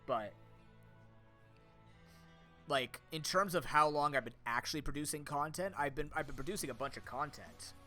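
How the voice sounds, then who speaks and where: A young male streamer and content creator with a sore throat chats casually on a live stream, rambling off the cuff with lots of fillers and restarts. His voice is on the high side, pushed and bright, at a moderate pace with frequent pauses, over soft background music. He talks to chat and to friends off-mic.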